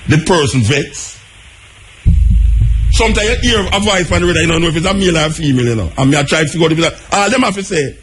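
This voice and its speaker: A Jamaican man hosting a call-in radio show, arguing with callers in a raised, animated voice. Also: a little high, fast, a little hiss or hum. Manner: animated, argumentative, raises his voice. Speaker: radio talk show host. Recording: radio broadcast.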